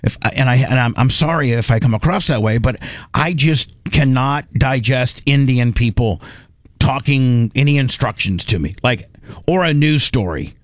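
A man's voice: mid-range voice, moderate pace, dry recording, studio quality. A man hosting a casual podcast chat, rambling and stumbling through restarts. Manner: rambling, full of restarts and stammers. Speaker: host.

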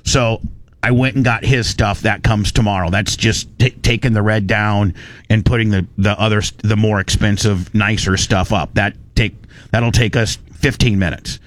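A man hosting a radio talk show, telling a story in an animated, ranting way with frequent restarts. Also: on the low side, normal speed.

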